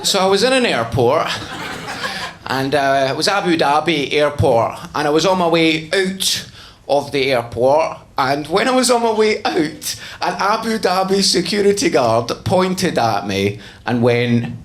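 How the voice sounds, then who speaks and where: Animated, self-mocking stand-up comedian man. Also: a little high, unhurried. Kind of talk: stand-up routine. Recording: noisy stage recording.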